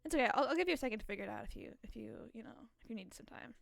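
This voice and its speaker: Giggly high-voiced young woman streamer. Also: animated, rapid-fire, creaky. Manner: giggly, rambling, lots of fillers. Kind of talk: casual stream chat with chat.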